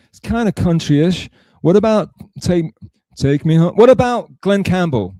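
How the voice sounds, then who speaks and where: A man chats to his livestream viewers in a loose, rambling way, cursing casually and stopping to correct himself. His voice sits slightly high with a warm, mellow tone. The sound is dry, with almost no room echo. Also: lively intonation, measured pace. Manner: rambling, profane, self-correcting. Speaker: livestream host.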